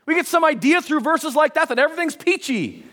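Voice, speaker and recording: A man preaching in a church with a notably high-pitched voice. He talks in a loose, conversational way, reads long passages aloud and briefly acts out the people in his stories. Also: lively intonation, fairly quick, a bit bright. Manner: conversational, acts out short quotes, many restarts. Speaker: pastor. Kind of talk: sermon.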